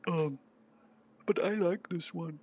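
A man doing a dim, soft-hearted goblin in a tabletop game, quiet, hesitant and stammering as he pleads to keep a kitten. The voice is dry and close, with little room sound. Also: on the high side, slow, husky, no echo, exaggerated voice. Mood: pleading.

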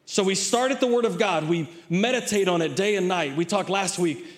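Middle-aged male pastor, conversational sermon delivery, a little higher-pitched than most men, with repeats and restarts. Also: a little fast. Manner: conversational preaching with frequent repeated words and restarts; acts out a child's pleading voice in quotes.

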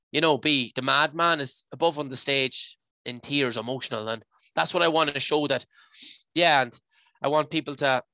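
Irish guy rambling away on a podcast, bright forceful voice, dead dry sound. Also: mid-range voice, no room sound. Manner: rambling, restarts often, says "you know" a lot. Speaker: podcast guest, mountain adventure guide. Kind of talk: emotional conversational interview.

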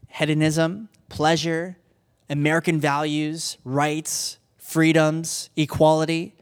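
A young adult man preaching a sermon, retelling Bible stories casually and acting out the characters in his own voice. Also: fairly high pitch. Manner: casual storytelling, acts out characters. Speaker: pastor.

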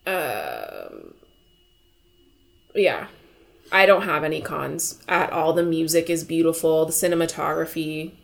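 Gravelly-voiced woman chatting about films. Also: deep voice, very animated, slow, long pauses. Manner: rambling, filler-heavy, acts out scenes in voices. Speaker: podcast co-host. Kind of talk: casual film review chat.

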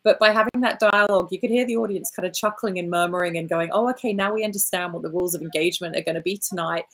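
An Australian woman with a fairly low voice tells stories in a lively interview. She acts out the quotes as she talks and keeps filling her answers with "look" and "you know". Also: fast. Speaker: orchestra founder, guest.

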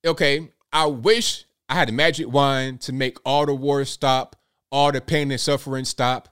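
A man giving casual political commentary, animated and sarcastic, with mocking asides and frequent repeated words. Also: mid-range voice, moderate pace, clear, resonant tone.

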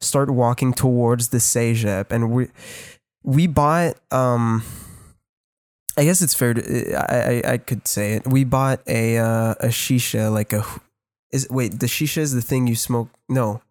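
A man's voice: mid-range voice, steady tone, a little slow, a little mellow, no echo, clean studio sound. A young man from Canada, co-hosting a podcast, rambling through a story with lots of fillers, restarts and swearing. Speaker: podcast co-host. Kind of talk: casual storytelling chat.

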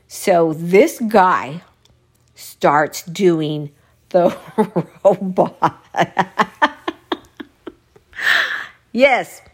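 A woman telling a casual personal anecdote, often breaking into laughter mid-sentence as she tells it. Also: lowish voice.

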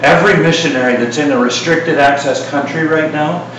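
Middle-aged preacher in an echoey hall. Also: male voice, a little high, brisk, distant mic, slight background noise. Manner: conversational, joking asides, animated retelling. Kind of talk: sermon.

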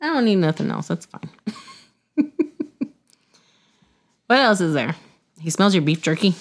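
A woman's voice: on the low side, very animated, a little slow. A middle-aged woman hosting a casual podcast chat, ranting bluntly and laughing often. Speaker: podcast host.

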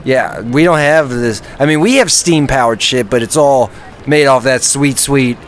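A man's voice: mid-range voice, normal speed, slight background noise. A young man improvising comedy role-play in a goofy, rambling way.

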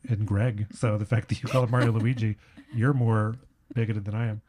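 A man, a comedian guest, chatting on a podcast with deadpan, absurd riffing. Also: fairly low pitch, moderate pace. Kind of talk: casual podcast chat.

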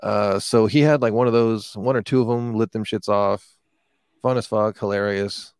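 A man's voice: lowish voice, steady tone, moderate pace, darkish tone, clean tone, no echo, studio quality. A man in casual chat, telling a rambling, profane story with lots of fillers.

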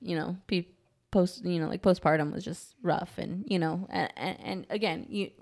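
A woman in her thirties co-hosting a podcast in casual chat, candid and quick to laugh, often checking in with "right?". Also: fairly low pitch, a little mellow. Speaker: podcast co-host.

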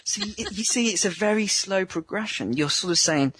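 Husky-voiced man coaching on dating. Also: sits high, moderate pace, hardly any pauses, fairly bright tone, dry recording. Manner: chatty, acts out little scenes in voices. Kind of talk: remote interview.

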